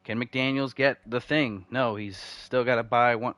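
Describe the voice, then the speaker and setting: A man's voice: medium pitch, a bit bright, no echo. Chatty man with a dry, close voice. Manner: rambling, self-deprecating, reads stats quickly. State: uncomfortable, needs the bathroom. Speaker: video game franchise mode host. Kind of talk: casual gameplay commentary.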